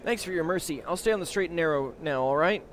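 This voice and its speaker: A man's voice: fairly high pitch, fast talker, pitched above the performer's own voice, close to an everyday voice. A man voicing a sheepish young man who speaks meekly.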